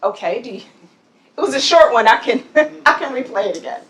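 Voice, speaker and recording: Through poor audio, a slightly high, expressive, somewhat bright woman's voice comes across a little fast. She is a voice and presence trainer coaching a corporate group in an office training room, asking questions and laughing often.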